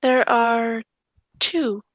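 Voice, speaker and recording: A woman's voice: a little high, extremely slow, fairly bright tone. A woman speaks earnestly and reassuringly as her character in a tabletop game. Her voice sounds dry and close, with no room echo. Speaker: tabletop player. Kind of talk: in-character role-play chat.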